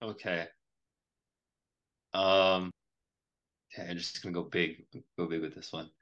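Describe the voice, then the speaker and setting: A man's voice: deep voice, flat delivery, unhurried, fairly bright tone, lo-fi sound. A man playing a tabletop role-playing game who laughs often and stays easygoing. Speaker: player. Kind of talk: casual tabletop game play.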